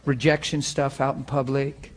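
Here a male pastor talks at a moderate pace in a medium, level voice. He's giving an informal sermon to students present in the room and following online, recounting personal stories in an earnest, chatty way before finishing with prayer.

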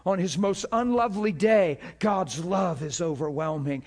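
Impassioned preaching man, higher voice. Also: a little slow, few pauses. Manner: impassioned preaching, laughs between points. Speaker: pastor. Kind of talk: sermon.

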